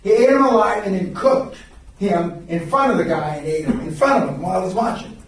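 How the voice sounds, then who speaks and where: Captured from a distance in an echoey seminar room, an older male mentor lectures with a high-pitched, expressive voice, speaking a little fast. His stories wander, and he delivers them bluntly, with plenty of profanity.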